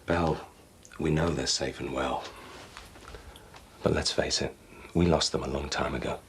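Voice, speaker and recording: A stern father with a gravelly, very deep voice. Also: fairly even intonation, a little slow, slight background noise. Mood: resigned. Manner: blunt and resigned.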